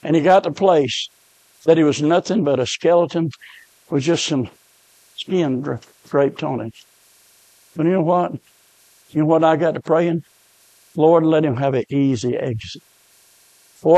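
A man preaching an impassioned revival sermon, swinging from hushed lines to shouted repetitions. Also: on the high side, moderate pace, gravelly, pauses often, no room sound, poor audio.

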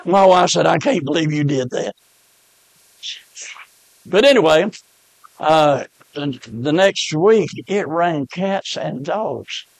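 A middle-aged pastor preaches in a folksy storytelling way, his voice sitting high and climbing further when he shouts. He breaks into amens between the story beats. The sound is dry and close, with little room echo. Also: animated, takes it slowly, vocal fry, pauses often. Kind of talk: storytelling sermon.

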